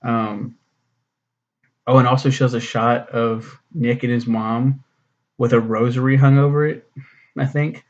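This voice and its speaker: A man's voice: medium pitch, flat delivery, measured pace, pauses often, dull audio. A man casually recapping and reviewing a comic in a rambling, profane way, full of fillers.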